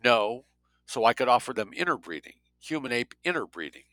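A man's voice: medium pitch, big pitch swings, a little fast, sharp tone, no echo, pitched above the performer's own voice, low-quality recording. Man reading a terse cold scientist man.

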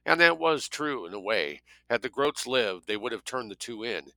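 A man reads a thriller aloud with a bright, forceful tone and a somewhat low voice. He keeps a plain narrating style, slipping in offhand asides of his own. The recording is dry and close. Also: lively intonation, normal speed, dry recording. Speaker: audiobook reader.

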